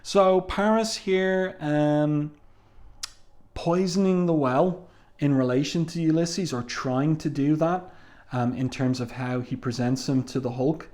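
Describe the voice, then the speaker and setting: A man giving a casual spoken review of a comic book, taking his time and filling pauses with ums and uhs. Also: on the high side, a little mellow. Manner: unhurried, frequent ums and uhs, reads comic dialogue aloud.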